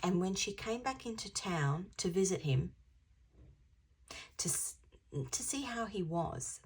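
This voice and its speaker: A woman's voice: medium pitch, expressive, measured pace, breathy edge. A woman reading tarot to camera in a chatty, rambling way, dropping into whispers to stress a point. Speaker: intuitive tarot reader.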